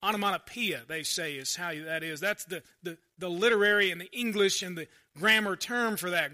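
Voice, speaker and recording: A male pastor preaching a conversational sermon, swinging between loud emphasis and quiet asides. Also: sits high, lively intonation, normal speed, few pauses.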